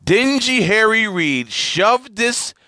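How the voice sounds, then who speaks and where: A man's voice: sits high, expressive, slow, sharp tone, dry recording, clean studio sound. A man hosting a political commentary podcast, talking emphatically and stressing the same words again and again. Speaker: podcast host.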